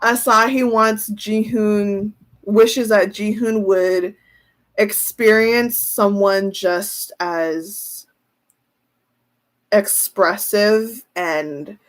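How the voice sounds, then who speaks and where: A woman's voice: medium pitch, fairly even intonation, drawn-out words. A woman giving a casual tarot reading on a livestream, thinking aloud, answering viewer comments and often breaking into giggles. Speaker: tarot reader.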